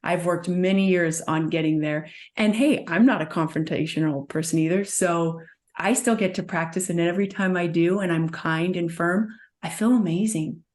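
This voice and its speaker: A woman working as a somatic trauma practitioner, talking as an interview guest in an earnest, soothing way and guiding with gentle prompts. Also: on the low side, moderate pace. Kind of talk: guest in conversation, gentle coaching.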